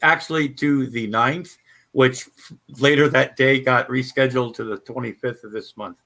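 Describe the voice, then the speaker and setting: Gravelly, bright-toned older man. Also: mid-range voice, steady tone. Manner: easygoing, halting, stacks repeated starts. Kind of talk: casual chat.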